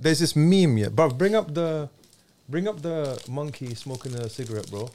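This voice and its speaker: A man hosting a relaxed podcast conversation, full of slang and quick bursts of excitement. His pitch swings widely as he gets carried away. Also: a little hiss or hum. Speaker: podcast host. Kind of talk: casual chat.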